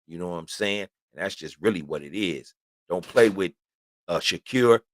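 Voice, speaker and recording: A man's voice: low voice, moderate pace, a little hiss or hum. A middle-aged man hosting a casual sports talk show, chatting loosely and keeps asking "you know what I'm saying". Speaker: host.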